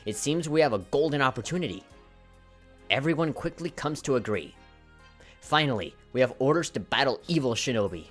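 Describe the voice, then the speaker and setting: Man, game commentary, lively pitch, giggly, faint music behind. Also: a little fast. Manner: giggly, animated, apologetic laughing fits. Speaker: let's play host. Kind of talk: gameplay commentary, reading text aloud.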